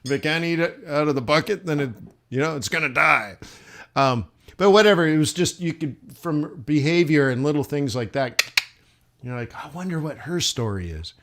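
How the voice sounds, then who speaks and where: A man's voice: on the high side, normal speed, fairly bright tone. A man chatting casually while running a live trading stream, rambling with many fillers and restarts. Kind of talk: casual livestream chat. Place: southern United States.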